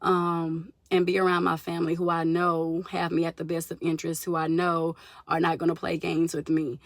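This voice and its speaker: A young woman telling a story to her viewers in a casual, animated vlog, addressing them as y'all. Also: fairly low pitch, normal speed, no echo, clean studio sound. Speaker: vlogger.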